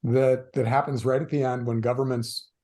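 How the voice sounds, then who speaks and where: Dry-humored male guest with a mellow voice. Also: medium pitch, flat delivery, moderate pace. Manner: dry ironic, hesitant with fillers. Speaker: guest commentator. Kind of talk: casual interview chat.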